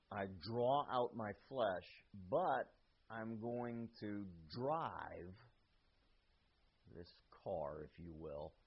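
A man preaches through a text verse by verse, taking his time and restating each line in everyday words. His voice is husky and a bit low. The recording sounds dull and lo-fi. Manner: slow, deliberate, voices the speaker of the text in first person. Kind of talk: verse-by-verse sermon.

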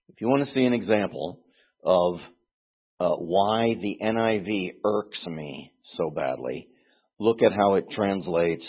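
Male Bible teacher, low husky voice, earnest and emphatic, tinny lo-fi recording. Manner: earnest, explanatory, with frequent restarts and emphatic stresses.

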